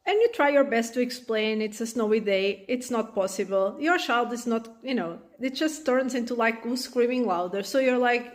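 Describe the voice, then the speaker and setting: A woman's voice: fairly high pitch, normal speed, hardly any pauses. A woman telling a comic story about daily struggles and acting out both sides of the scene. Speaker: parenting educator.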